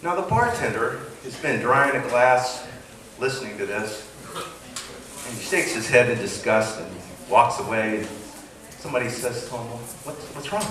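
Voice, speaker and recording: Animated male joke teller in an echoey hall. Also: mid-range voice, moderate pace, far from the mic, a crowd in the background. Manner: animated, doing character voices. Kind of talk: live stand-up joke telling. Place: stage at a variety show in a hall.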